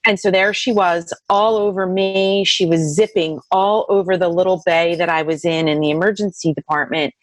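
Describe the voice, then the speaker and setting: A middle-aged woman telling her own near-death story in an interview, lively and full of "like" fillers. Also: moderate pace, few pauses, no echo. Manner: lively, acts out dialogue in high voices, many "like" fillers.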